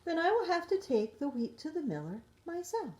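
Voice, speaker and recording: A woman's voice: very high-pitched, very animated, moderate pace, darkish tone, pitched above the performer's own voice. A woman voicing a hardworking little female hen in a children's storybook reading, earnest and determined. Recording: roomy echo.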